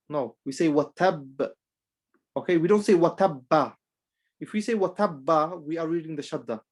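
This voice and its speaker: A man teaching Quran recitation rules in a class, halting and full of restarts, driving each rule home by repeating it. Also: fairly high pitch, darkish tone. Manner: drills rules through repetition. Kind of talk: online class lesson.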